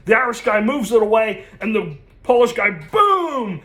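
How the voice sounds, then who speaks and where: High-voiced man telling a joke. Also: moderate pace. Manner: animated storyteller acting out characters. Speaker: comedian teaching joke telling.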